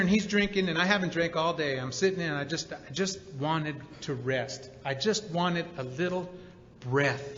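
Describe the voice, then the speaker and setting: A man tells his recovery story to a convention with emotional emphasis, in a bright, fairly high voice. His voice carries long reverb from a large hall. The sound is dull, with faint ambience behind it. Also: slight background noise. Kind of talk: personal testimony talk.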